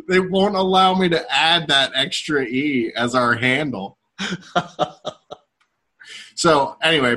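A man co-hosting a podcast, giving relaxed short replies and reading out show plugs. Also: medium pitch. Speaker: podcast co-host. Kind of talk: casual chat.

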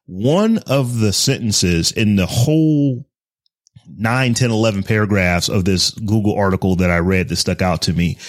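A man's voice: fairly low pitch, normal speed, no echo, clean studio sound. A man hosting a tech podcast, explaining his points steadily and building them up step by step. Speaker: podcast host. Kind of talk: casual tech discussion.

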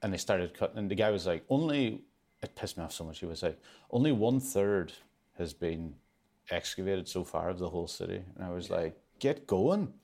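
Lower-voiced Irish man telling stories. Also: a little fast, vocal fry. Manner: animated storyteller, swears freely, acts out quotes. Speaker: podcast co-host. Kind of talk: casual comedic chat.

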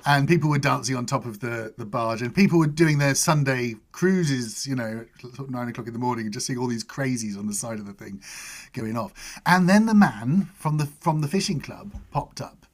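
A middle-aged man, chatting casually and telling lively anecdotes as a podcast host. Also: moderate pace. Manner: animated anecdotes with high-pitched character voices. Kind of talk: casual storytelling chat.

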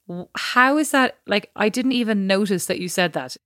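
Rambling, animated woman co-host. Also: fairly high pitch, normal speed, no echo, studio quality. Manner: rambling and animated, laughs at own jokes. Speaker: podcast co-host. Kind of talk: casual chat, anecdotal storytelling.

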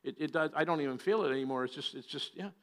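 A preacher telling a joke and doing an eager, determined man who insists he can ring the church bell. He sounds matter-of-fact and reassuring, with a fairly high voice for a man, told in a spoken sermon joke. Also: fast talker, lightly acted.

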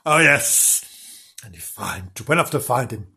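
A man's voice: mid-range voice, lively intonation, slow, vocal fry, sharp tone, breathy edge. A man reading a children's story aloud as a comedy host, breaking off for mocking asides.

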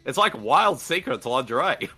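Lively bright Australian man. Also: medium pitch, normal speed, slightly rough, faint music behind. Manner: energetic, joking, laughs often. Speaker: podcast co-host. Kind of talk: casual watch-along commentary.

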